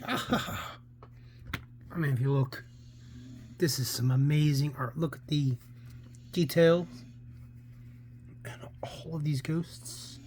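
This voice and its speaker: A man's voice: a little high, slow, long pauses, a little mellow, a little hiss or hum. A man hosting a casual comic book read-through, rambling with many fillers and restarts. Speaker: comic book channel host.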